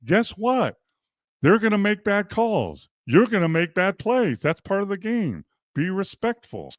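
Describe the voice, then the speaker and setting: A man's voice: high-pitched, a little slow, dry recording, muffled recording. An older man, a basketball coach and former pro player, talking in a casual interview and acting out quotes as he tells stories. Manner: animated storytelling, acts out quotes.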